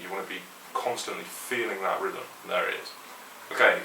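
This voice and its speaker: A man teaches guitar in a relaxed, opinionated way, counting along as he plays. His voice sits very low but has a bright edge. He is recorded from a distance in an echoey room, with a faint hiss underneath. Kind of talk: instructional explanation. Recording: roomy echo, mic at a distance, faint hiss.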